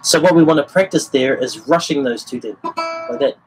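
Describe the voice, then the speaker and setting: Male guitar teacher for a livestreamed lesson: a casual explainer, slightly high voice, with faint guitar playing under his speech. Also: a little fast, rough recording. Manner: casual explaining, sings rhythms as syllables.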